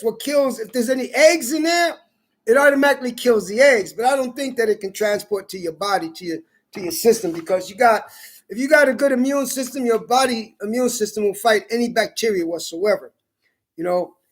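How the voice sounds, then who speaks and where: A man's voice: very high voice, normal speed. A man rambling in a casual monologue, cursing often and repeating words as he goes. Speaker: vlogger.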